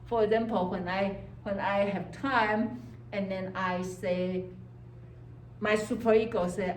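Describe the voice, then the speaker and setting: A woman's voice: medium pitch, steady tone, slow pace, distant mic, slight background noise. A woman lecturing on psychology to a class. She speaks English with non-native grammar and keeps checking in with "okay?" while acting out inner voices. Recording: echoey classroom heard from afar.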